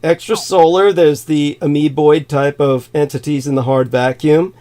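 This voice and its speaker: This man's voice is a little high and mellow, with little pitch movement and normal speed. He's a Californian co-hosting a livestream conversation, lecturing insistently and pressing on over interruptions.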